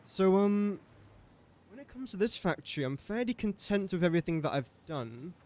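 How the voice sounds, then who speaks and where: A man's voice: high voice, sing-song, moderate pace, darkish tone. A young English man casually commentating his own live game stream, chatty and self-mocking, muttering guesses as he plays. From England. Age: young adult.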